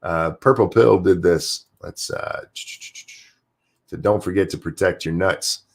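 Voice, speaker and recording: A man hosting his own channel, giving a heated, profane and sarcastic political rant, jumping between loud outbursts and low muttered asides. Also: slow pace, creaky. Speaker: streamer and channel host. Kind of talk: angry political commentary rant.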